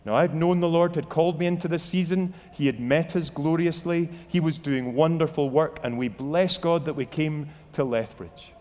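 A man's voice: on the high side, normal speed, hardly any pauses, darkish tone. A man from Scotland with a Scottish accent, preaching a sermon earnestly and reflectively, sharing a personal testimony. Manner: earnest and reflective, with quoted inner dialogue. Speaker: pastor. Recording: long hall reverb.

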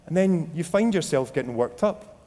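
Speaking at a normal pace in a warm, animated, slightly high voice, a pastor from Scotland with a Scottish accent gives an earnest, reflective sermon built around his personal testimony. He quotes his own inner dialogue, and the recording has long hall reverb.

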